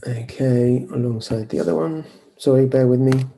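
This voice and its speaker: A man giving an online lecture over a video call, hesitant and halting, with fillers and restarts as he shares his screen. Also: mid-range voice, creaky, warm tone, slight background noise.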